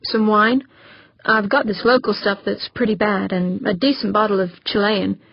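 A woman's voice: mid-range voice, steady tone, normal speed, gravelly, slightly rough, no room sound. Brief: keen, promotional male project leader, voiced lightly by a woman reader, dry, slightly muffled audio. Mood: eager.

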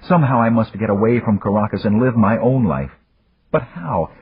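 A proud, stubborn young woman speaks in a raised, very husky voice, put on by a male audiobook narrator. The lines come through dry and tinny, like a phone line. It is a storybook reading. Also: lowish voice, expressive, normal speed, no room sound, voice pushed up, full character voice. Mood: desperate. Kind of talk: audiobook character voice.

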